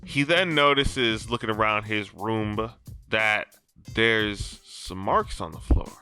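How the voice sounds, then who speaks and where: A man hosting a podcast, giving an animated, slangy recap of a TV episode in casual chat. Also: lowish voice, slow, smooth, soft background music. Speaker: podcast host.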